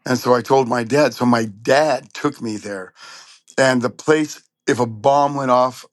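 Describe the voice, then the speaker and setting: A trumpet player from Southern California, speaking at medium pitch, tells stories as an interview guest and animatedly acts out what people said. The recording is dry.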